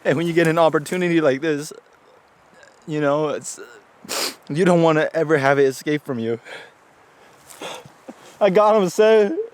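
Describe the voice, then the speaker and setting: A man's voice: a little high, steady tone, brisk, clear, resonant tone. A man crying with emotion as he films himself at the end of an outdoor hunt, exclaiming in disbelief. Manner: tearful, overwhelmed, breathless exclamations. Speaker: hunter filming his hunt. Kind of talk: emotional field vlog. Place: outdoors in forested hills.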